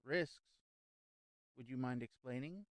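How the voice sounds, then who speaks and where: A man voicing a young gentleman who speaks in a composed, lightly amused way. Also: medium pitch, takes it slowly, dry recording, close to an everyday voice. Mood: calm. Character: young gentleman, calm, wry and unshaken.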